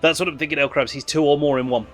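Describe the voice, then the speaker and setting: A man hosting a video game session, reading the game's text aloud and chatting in a relaxed, rambling way. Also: a little high, rapid-fire. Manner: relaxed, rambling, full of fillers. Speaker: host.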